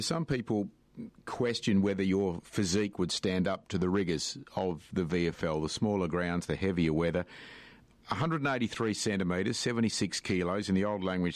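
A man hosting a radio interview, asking measured, prompting questions. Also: on the low side, no room sound.

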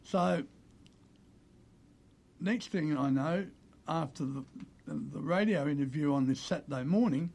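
Older Australian man, husky voice, fairly high pitch, lively storyteller in an interview. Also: unhurried, pauses often. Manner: animated anecdote-telling, acts out quoted voices. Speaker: interview guest, former player agent. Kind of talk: conversational storytelling.

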